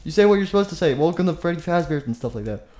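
A man's voice: fairly high pitch, animated, racing, a little mellow, pitched above the performer's own voice, lightly acted. A man voicing a blunt, bossy male animatronic rabbit in a game machinima. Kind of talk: comedic game machinima voice acting.

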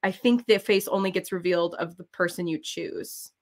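A woman's voice: fairly low pitch, steady tone. Giggly, rambling American woman chatting. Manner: rambling and giggly, full of "like" and "um", often trails into quick laughs. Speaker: cross-stitch designer and channel host. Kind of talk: chatty talk while stitching.

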